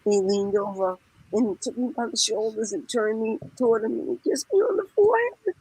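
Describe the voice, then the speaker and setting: A woman's voice: fairly high pitch, animated, a little fast, warm tone. A woman guest telling a rambling, profane story in casual chat, laughing often and acting out the people she quotes. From Boston area. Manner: laughs often, swears, acts out quoted voices.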